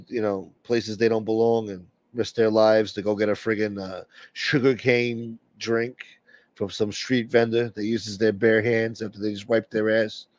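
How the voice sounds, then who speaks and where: A man's voice: lowish voice, a little mellow, no room sound. A man hosting a late-night livestream and rambling bluntly through strong opinions in casual chat. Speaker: livestream host.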